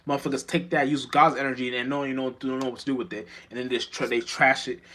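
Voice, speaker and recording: A man's voice: medium pitch, flat delivery, fast talker, fairly bright tone. Rambling, profane man preaching spirituality. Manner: rambling, profane, many restarts and stammers. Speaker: spiritual vlogger. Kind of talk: unscripted spiritual monologue.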